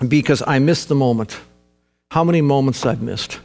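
A man preaching a sermon, earnest and urgent at times, then soft and reflective. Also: medium pitch, normal speed, gravelly, soft background music. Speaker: pastor.

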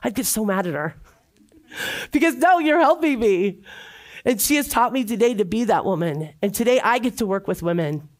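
A woman's voice: mid-range voice, lively intonation, normal speed. Earnest middle-aged woman giving testimony. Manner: earnest and heartfelt, with emphatic repetitions. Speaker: church member giving testimony. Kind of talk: personal testimony.

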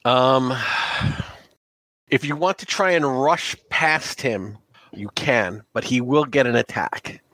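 A man's voice: mid-range voice, slow pace, a bit bright, no room sound. A man runs a tabletop horror game in an easygoing, matter-of-fact way. His voice sits in the middle range and sounds dry and close. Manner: casual, matter-of-fact rulings. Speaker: game master.

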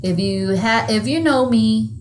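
A woman's voice: a little high, unhurried, a little mellow, slight background noise. A woman co-hosting a podcast in casual chat, blunt and profane, calling people bro. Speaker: podcast co-host.

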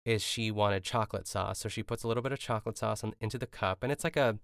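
Male podcast host, low gravelly voice, rambling and chatty, dry close mic. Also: fast, a bit bright, no echo. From Pittsburgh. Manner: chatty, rambling, laughs often, lots of fillers. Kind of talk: casual solo recap podcast.

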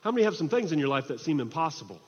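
Pastor, male, high voice, lively sermon delivery, muffled echoey hall sound. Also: racing, husky. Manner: animated, swings from hushed to shouting. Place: church hall.

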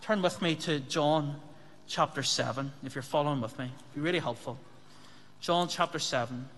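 A male pastor preaching with a bright, forceful voice that sits a little high. He speaks earnestly, asking the congregation rhetorical questions, and his words ring out with a long reverb across a church sanctuary. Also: moderate pace. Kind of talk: sermon.

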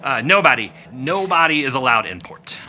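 A scrawny little harbor fixer, as a man puts him on, nervous and pushy, yelping his words high and loud. His voice jumps all over the place and sounds very bright, and a faint hum sits behind him. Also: very animated, normal speed. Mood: blustering.

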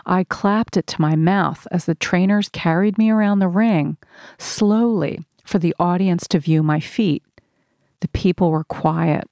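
Slow, low-voiced woman narrating. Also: darkish tone, dry recording, clean studio sound. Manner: slow, measured reading. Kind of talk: first-person audiobook narration.

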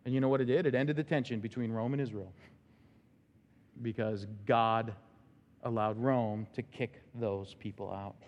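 A male pastor preaching a sermon in a church, emphatic, with sudden loud, high bursts. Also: fairly even intonation, normal speed, big-room sound, lo-fi sound. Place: church sanctuary.

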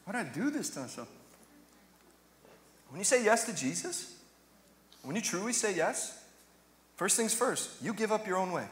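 Male pastor, higher voice, chatty sermon with bursts of passion, roomy church sound. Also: sing-song, normal speed, pauses often, fairly bright tone. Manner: conversational preaching with jokes, rising to passionate emphasis. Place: church sanctuary. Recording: echoey hall reverb.

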